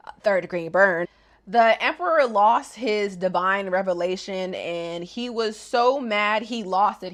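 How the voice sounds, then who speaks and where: A woman's voice: medium pitch, fairly bright tone. Young woman anime recapper, casual, slangy, jokey delivery. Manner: chatty, slangy, joking.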